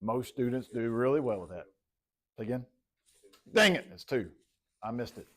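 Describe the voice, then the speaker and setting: With a medium-pitched, animated voice and a fairly bright tone, a math teacher lectures at a moderate pace. He plots problems on the board while talking and quizzes students by name.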